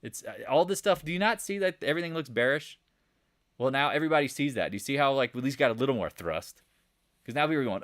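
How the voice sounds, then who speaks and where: Blunt, animated male market-stream host. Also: mid-range voice, quick pace, no room sound, studio quality. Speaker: host of a trading channel. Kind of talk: live market commentary stream.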